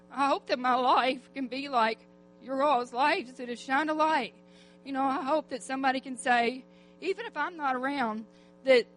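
A high-voiced middle-aged woman speaks before a church congregation, giving her testimony. Her delivery is heartfelt and fervent, full of sighing "oh"s. Faint music sits quietly behind her.

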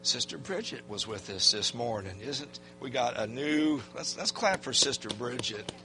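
An older man preaching a sermon as a pastor, telling a personal story in a folksy, animated way and acting out what people said. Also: mid-range voice, moderate pace, a little hiss or hum.

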